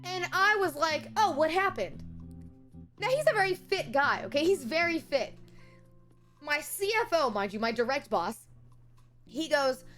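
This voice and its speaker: Young female streamer, high-pitched, lively incredulous chatter with viewers, soft music underneath. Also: moderate pace. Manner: animated storytelling, incredulous rants. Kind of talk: casual chat with viewers.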